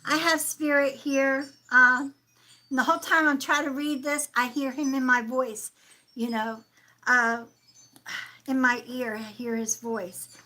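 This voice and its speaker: A woman hosting a live-stream psychic reading, speaking softly and affectionately, calling viewers sweetheart and sometimes dropping to a whisper. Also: sits high, fairly even intonation, a little slow, rough recording. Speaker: psychic medium and livestream host.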